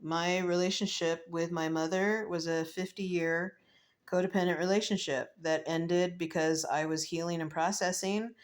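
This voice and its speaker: A woman in her fifties, a tarot reader, talking through a card reading in a reflective, emotional and rambling way, with many fillers and soft laughs. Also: fairly low pitch, steady tone, normal speed. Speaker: tarot reader and spiritual medium. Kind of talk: casual spiritual vlog, tarot reading.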